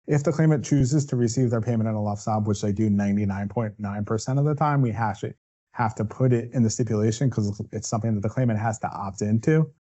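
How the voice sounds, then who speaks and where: A man's voice: fairly low pitch, fast, dark tone, dull audio. A man presenting a legal webinar as a defense attorney. He walks through the steps one by one and checks in with asides like "right?". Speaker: workers' compensation defense attorney.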